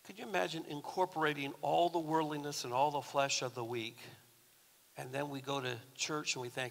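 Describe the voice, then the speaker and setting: A pastor giving a sermon in a conversational, storytelling way with touches of humor, recorded in a church. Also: male voice, fairly high pitch, fairly even intonation, fairly quick, gravelly, big-room sound. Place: church sanctuary.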